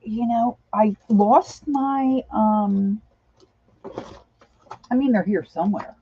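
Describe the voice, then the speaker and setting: A woman's voice: a little high, slow pace, slightly rough, dry recording. A woman chatting casually while she works on a craft project, rambling, humming and singing bits to herself, and sleep-deprived. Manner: rambling, sings and hums to herself while working. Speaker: crafting vlogger. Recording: dull lo-fi home recording.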